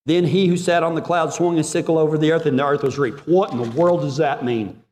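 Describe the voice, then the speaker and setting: A man preaching a sermon with passion, swinging from loud urging to hushed pleading. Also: a little high, fairly even intonation, brisk. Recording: long reverb of a hall.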